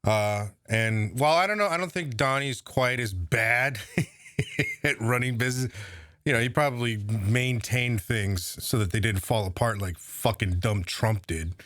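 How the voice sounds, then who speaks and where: A man rambles through casual political commentary, sarcastic and full of profanity. His voice is mid-pitched and recorded close and dry, with no room sound. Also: a little slow, a bit bright, no echo. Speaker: host.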